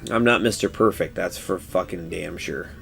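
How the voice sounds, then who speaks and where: A man's voice: low voice, moderate pace, gravelly, fairly bright tone, faint music behind. A man in his thirties streaming a game, chatting casually, rambling and cursing freely with frequent laughs. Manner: laid-back, rambling, swears freely, laughs often. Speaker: gaming streamer. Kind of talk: casual live-stream chat while playing.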